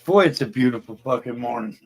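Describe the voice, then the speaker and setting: A man's voice: medium pitch, animated, fast talker, slightly rough. A man wisecracking in a drawl during a casual, crude chat show.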